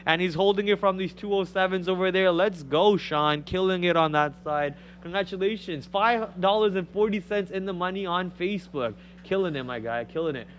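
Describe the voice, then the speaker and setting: A man from India, a Telugu speaker, hosting a live stock trading stream with excitable, joking chat. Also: sits high, moderate pace, few pauses, a little hiss or hum.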